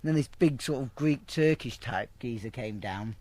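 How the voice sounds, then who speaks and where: A man's voice: medium pitch, moderate pace, darkish tone, no echo. A man telling a rambling, profane story in a casual interview, acting out the voices of the people in it. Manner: rambling, heavily profane, acts out quoted voices.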